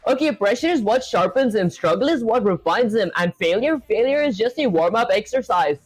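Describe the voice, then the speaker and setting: A man's voice: high-pitched, expressive, fairly quick, no room sound, faint music behind, rough recording. Man voicing a grandiose male AI sensei, bossy and theatrical, dry close sound. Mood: commanding.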